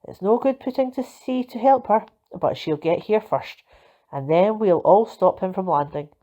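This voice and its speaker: A woman voicing an eager young girl in a storybook reading, excitable and loud with cheering. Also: mid-range voice, normal speed, natural voice. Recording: dull lo-fi recording.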